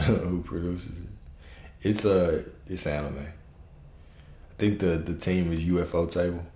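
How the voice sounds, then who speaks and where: A man giving a relaxed livestream spiritual talk as a coach, repeating points and checking in with rhetorical questions. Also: sits low, slow, slight background noise. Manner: relaxed, repetitive, checks in with "okay?". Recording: roomy echo.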